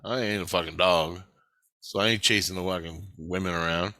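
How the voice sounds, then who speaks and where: A man tells a strange dream in a heated, swearing torrent, jumping into the voices of the people he argued with. His voice is bright and forward. It is recorded close and dry. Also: low-pitched, fairly even intonation, moderate pace, dry recording. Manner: agitated, profane, retelling dialogue in bursts. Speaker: vlogger. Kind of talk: casual recounting of a dream to camera.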